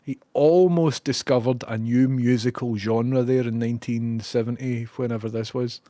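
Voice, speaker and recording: A man's voice: medium pitch, fairly even intonation, moderate pace, mellow, a little hiss or hum. A man casually commenting on old TV clips, chatty and sarcastic, swearing now and then. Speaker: host reacting to archive TV clips.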